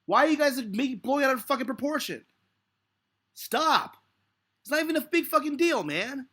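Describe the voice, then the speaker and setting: Irate stream host, sharp tense voice, cursing at chat, swings up and down. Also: male voice, extremely high pitch, animated, normal speed. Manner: angry, defensive, swearing heavily. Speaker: livestreaming stock market analyst. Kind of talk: live stream rant at viewers.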